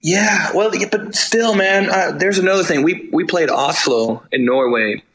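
Man, fairly high voice, bright and forceful tone, rambling storyteller, lots of fillers, swears casually. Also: a little slow, breathy edge, rough recording. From Germany. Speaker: guest, touring band musician.

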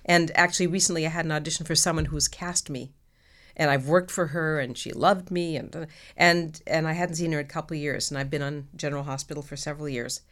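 Middle-aged actress, low voice, animated storyteller who laughs easily. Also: female voice, fast talker. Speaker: actress guest. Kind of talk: casual interview chat.

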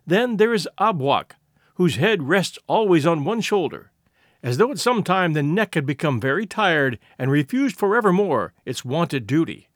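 A man narrating a classic story as an audiobook, measured and expressive. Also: fairly high pitch, no room sound, studio quality.

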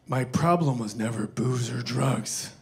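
A man voicing a gruff elderly male film director, speaking in a low, slow, clipped growl. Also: darkish tone. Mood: gravelly. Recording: stand-up set with audience laughter.

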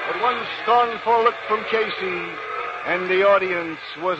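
A man giving a dramatic recitation of verse, declamatory, swinging between booming shouts and hushed, somber tones, on a hissy old radio recording. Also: steady tone, a little slow, muffled recording.

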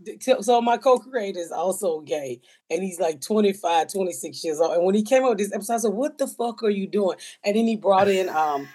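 A woman's voice: medium pitch, fairly quick, hardly any pauses. Blunt, profane woman comedian. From Atlanta. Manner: blunt, profane, animated storytelling. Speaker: guest comedian. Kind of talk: casual interview chat.

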